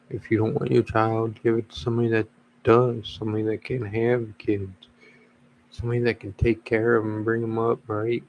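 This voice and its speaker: A father talking casually to camera, halting and slow, with many fillers and pauses. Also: fairly low pitch, a little mellow, a little hiss or hum. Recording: dull lo-fi recording.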